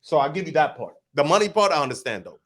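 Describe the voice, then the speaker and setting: A man's voice: on the high side, big pitch swings, fast, a bit bright. A man hosting a podcast, talking casually and giving blunt, direct advice. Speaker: podcast host. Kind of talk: casual chat.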